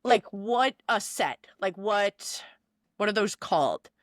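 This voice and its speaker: A woman's voice: mid-range voice, animated, takes it slowly, no echo, clean studio sound. A young woman co-hosting a podcast in casual chat, bubbly and playful, often going off topic. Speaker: podcast co-host.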